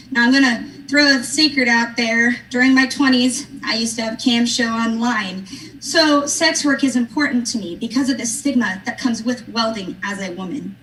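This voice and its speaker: A woman in her thirties speaks as a political candidate, earnest and personal, now and then lightly joking. Her voice sits a little high. The mic is set back from her, and a faint hum runs underneath. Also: sharp tone, distant mic, poor audio. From Nebraska. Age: 30s. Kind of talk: speech on a live stream.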